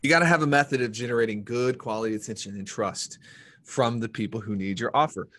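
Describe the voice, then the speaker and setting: Energetic man presenting a marketing seminar. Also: mid-range voice, fast. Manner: energetic, repeats key points for emphasis. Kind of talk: live-streamed business seminar talk.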